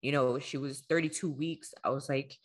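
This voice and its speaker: A woman with a notably low voice co-hosts a candid conversation. She talks earnestly and haltingly, doubling back on her words. She sounds like she's in her thirties. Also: steady tone, breathy edge. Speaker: podcast co-host.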